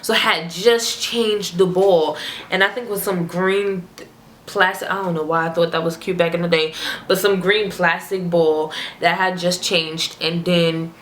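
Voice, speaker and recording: A young woman, a vlogger, telling a casual, animated storytime in slangy everyday speech. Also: fairly low pitch, a little slow, slight background noise. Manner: chatty, animated, slangy storyteller who breaks into character voices. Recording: roomy echo, faint ambience.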